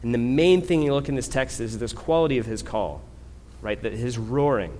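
A male preacher delivers a sermon in a conversational way, often tagging his points with "right?". He grows louder and slower when he drives a point home, and his voice carries a long hall echo. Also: on the low side, a little hiss or hum.

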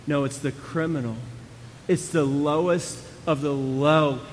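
A preacher voicing a solemn, authoritative teacher in a low, quiet voice. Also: male voice, steady tone, measured pace, big-room sound, slight background noise, natural voice.

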